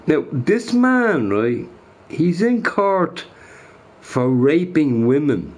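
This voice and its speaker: A man's voice: a little high, big pitch swings, extremely slow, darkish tone. A man ranting casually to his chat, repeating himself emphatically. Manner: emphatic, repeats phrases, says bro a lot.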